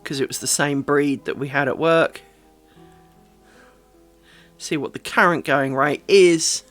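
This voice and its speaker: A woman's voice: low-pitched, unhurried, a bit bright, no room sound, faint music behind. A woman from Britain chatting casually on a craft live stream, talking to her viewers and fussing over her dogs.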